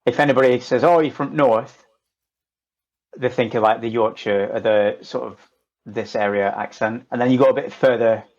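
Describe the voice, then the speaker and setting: A man's voice: mid-range voice, steady tone, brisk, darkish tone, highs cut off. A middle-aged man from northern England with a Lancashire accent, chatting as a podcast guest in a jokey, swearing way. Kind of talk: casual chat.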